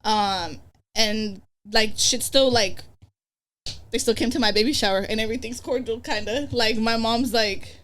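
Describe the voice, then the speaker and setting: A young woman guest on a podcast, telling a story in casual chat, animated and profane, acting out what others said. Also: on the high side, normal speed, a little hiss or hum. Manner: animated, profane, acts out quoted dialogue.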